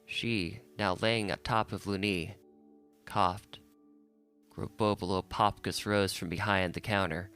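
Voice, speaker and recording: A man narrating an audiobook in a measured, unhurried storytelling manner. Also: deep voice, fairly even intonation, bright, forceful tone, clean tone, soft background music.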